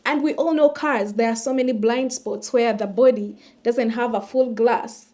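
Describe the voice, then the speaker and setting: Woman vlogging a story, voice a bit high, acts out who said what. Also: moderate pace. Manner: animated retelling that acts out the dialogue. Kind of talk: personal storytelling.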